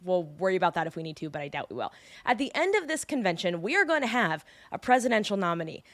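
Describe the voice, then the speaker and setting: A woman's voice: fairly low pitch, fast talker, no echo. A young woman from California hosting a daily news podcast, explaining the news in a chatty, joking way. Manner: chatty and joking, lively asides.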